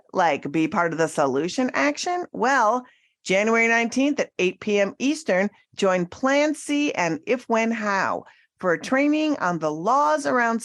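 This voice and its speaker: A woman podcast host, gushing and enthusiastic, chatting and reading promos. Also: medium pitch. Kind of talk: casual chat and promo read.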